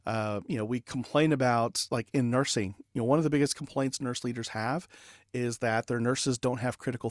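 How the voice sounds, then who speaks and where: A man in his forties, a podcast guest and leadership consultant, telling an anecdote in a lively, conversational way with fillers. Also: mid-range voice, no echo, studio quality. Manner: animated anecdote telling with laughs and filler words. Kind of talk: conversational storytelling.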